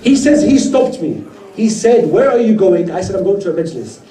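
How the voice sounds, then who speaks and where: A man's voice: sits high, moderate pace. Distant man telling a sermon story. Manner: earnest storyteller, quoting others in lively voices. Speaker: speaker at a mourning gathering. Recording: roomy hall heard from a distance.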